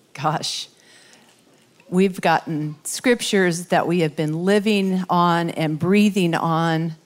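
A middle-aged woman giving an informal, heartfelt sermon in church, emotional and halting with fillers. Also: fairly low pitch. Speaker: church speaker.

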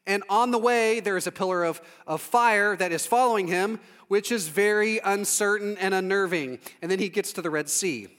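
A man's voice: sits high, normal speed, fairly bright tone, smooth, big-room sound. A man preaching a storytelling sermon in a conversational, humorous manner with acted-out asides, recorded in a large sanctuary.

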